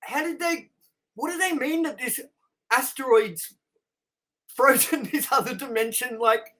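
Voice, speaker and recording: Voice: high-pitched, measured pace, sharp tone. A movie-review co-host in casual chat, ranting with exasperation and plenty of swearing.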